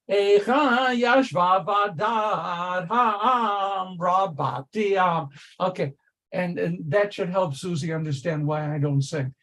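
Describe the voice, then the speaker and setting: An older man, a rabbi, leading a text study class over a video call, emphatic and repeating key phrases as he calls on students. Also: high-pitched. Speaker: rabbi teaching Torah study.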